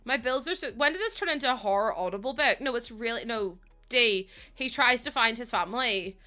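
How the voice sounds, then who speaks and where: A woman's voice: a little high, expressive, a little fast, pushed and bright. A young adult woman live streaming, chatting casually with her viewers in a giggly, gushing and emotional way.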